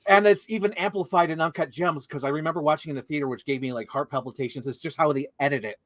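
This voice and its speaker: A young man with a fairly high voice chats eagerly about a film, stringing thoughts together in long lists peppered with "like". The sound is close and dry, with no room echo. His delivery is casual and conversational. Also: fast, a bit bright. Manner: enthusiastic, talks in long run-on lists with many "like"s. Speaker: co-host. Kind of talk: casual movie discussion.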